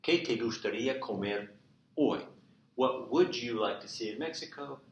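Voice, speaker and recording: A man teaching a recorded remote Spanish lesson, explaining verb endings and repeating each example slowly. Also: mid-range voice. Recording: echoey room with faint noise.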